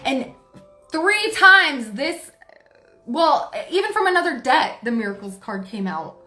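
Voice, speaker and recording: A woman giving a casual tarot reading to camera, talking in a forceful, excitable way and laughing often. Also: high voice, unhurried. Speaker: tarot card reader. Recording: roomy echo, faint music behind.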